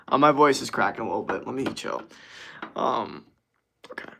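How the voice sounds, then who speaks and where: A man's voice: mid-range voice, normal speed, creaky, long pauses, pushed and bright, breathy edge. A young man streaming casually, reading viewer comments aloud in a laid-back way and laughing easily. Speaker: streamer answering chat. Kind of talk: casual livestream chat.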